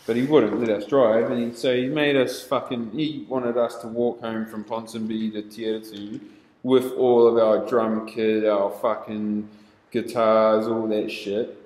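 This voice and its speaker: A man's voice: fairly low pitch, level tone, a little slow, a little mellow. A young man casually telling stories, laid-back and swearing constantly. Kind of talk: casual storytelling. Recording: roomy echo.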